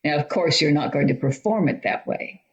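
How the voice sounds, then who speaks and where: A woman's voice: low voice, moderate pace, muffled recording. A woman teaching drama, explaining Shakespeare performance step by step in an instructional talk.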